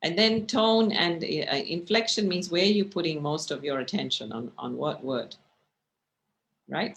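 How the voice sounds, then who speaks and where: A woman meditation teacher talks through her slides in a relaxed, conversational way. Her voice carries a gravelly edge, and she keeps checking in with her listeners as she goes. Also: low-pitched, measured pace. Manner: conversational, often checks in with tag questions; expressive, gestures while speaking. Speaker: meditation teacher giving a talk. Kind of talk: casual teaching talk with slides.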